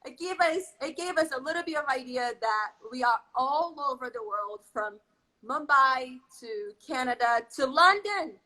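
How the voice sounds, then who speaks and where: A high-pitched woman hosts a live baking stream over a video call. Her voice is bright and forceful, and she gushes as she reads out viewers' comments. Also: animated, moderate pace, rough recording. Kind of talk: casual live-stream chat.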